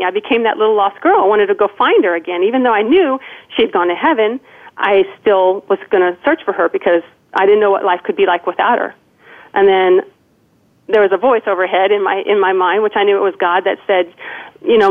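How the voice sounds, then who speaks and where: A woman's voice: medium pitch, fairly quick. A woman in her forties, calling in as a guest, telling a personal story earnestly, with frequent restarts and "you know". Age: 40s. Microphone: phone call. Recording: tinny phone line.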